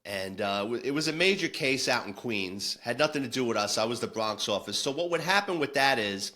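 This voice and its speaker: A man's voice: mid-range voice, animated, fairly quick, pushed and bright. A man, a former police detective telling war stories in a casual, blunt, salty way with frequent restarts. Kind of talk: casual storytelling.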